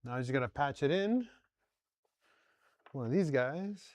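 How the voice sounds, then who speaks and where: A man's voice: mid-range voice, expressive, unhurried, no echo. A man hosting a casual workshop vlog from his home garage shop, talking viewers through each step as he works. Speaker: host.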